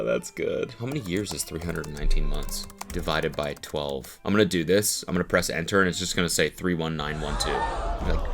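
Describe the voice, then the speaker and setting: Man in his thirties, low-pitched, lively swings, reaction commentary, soft music behind. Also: normal speed. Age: 30s. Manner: loud swings into goofy put-on voices, crude jokes. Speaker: commentary host.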